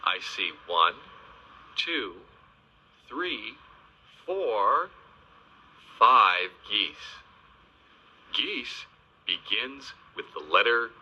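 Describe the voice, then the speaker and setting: Male narrator for a kids' animal video: gentle, bright-toned, slow and very lively in pitch, teacherly emphasis, on a lo-fi old soundtrack. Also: husky. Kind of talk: slow, sing-song narration for young kids.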